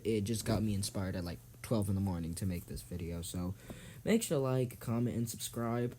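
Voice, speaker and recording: A man's voice: lowish voice, warm tone. A young man giving playful, slangy commentary on toy car races as a channel host, now and then swinging into a hyped announcer voice.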